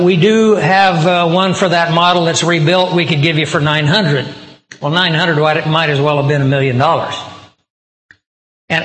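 A man's voice: fairly high pitch, fairly bright tone. Male pastor telling a story in an echoey hall. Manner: conversational storytelling that acts out quoted dialogue. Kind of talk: sermon told as a personal story. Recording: roomy hall with long reverb.

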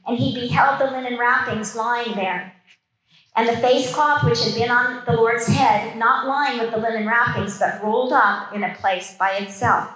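A woman's voice: fairly high pitch, steady tone, moderate pace, fairly bright tone. A woman giving a Bible study sermon, reading scripture aloud and breaking off to comment in casual, chatty asides. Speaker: Bible teacher. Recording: roomy echo.

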